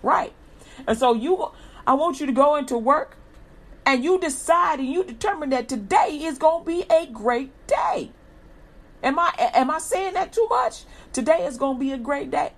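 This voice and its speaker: A woman's voice: high voice, normal speed. A woman preaching an informal inspirational sermon, talking colloquially and repeating an upbeat slogan again and again. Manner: colloquial, repeats a slogan, acts out lively quoted greetings.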